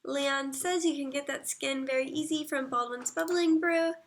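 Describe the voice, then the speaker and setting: A woman livestreaming, chatting casually, reading viewer comments aloud and murmuring soft asides. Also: sits high, fairly even intonation, normal speed.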